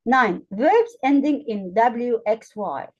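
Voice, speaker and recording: A woman teaching English grammar to learners, with an Arabic accent. She speaks slowly and deliberately, spelling out letters and repeating example words clearly. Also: a little high, expressive, muffled recording.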